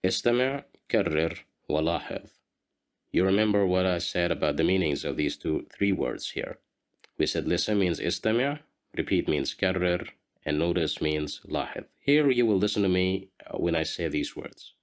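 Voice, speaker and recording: A man's voice: low voice, expressive, a little fast. A man teaching a beginner language lesson, patiently repeating each word for learners to copy.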